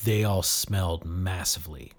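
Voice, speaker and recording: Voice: low-pitched, normal speed. A storyteller narrating an audiobook expressively. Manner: expressive, animated.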